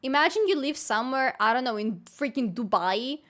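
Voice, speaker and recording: A young woman, chatting casually with her live stream viewers, playful and quick to break into squealing laughter. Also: high voice, animated, fairly bright tone. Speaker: livestreamer.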